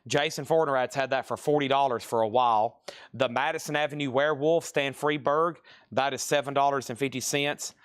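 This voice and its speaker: A talkative man runs a live-streamed sale of records and cassettes, wandering off into asides between prices. His voice sits at an ordinary pitch. The sound is dry and close, with almost no room around it. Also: fairly even intonation, brisk, clean tone, no echo. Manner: chatty, rambling, names items and prices. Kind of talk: casual live-stream selling.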